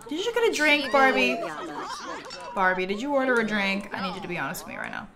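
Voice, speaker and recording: A woman's voice: medium pitch, huge pitch swings, fast talker, a crowd in the background. A woman streaming a life-simulation game, chatting casually and laughing as she talks to her characters. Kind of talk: casual gameplay commentary.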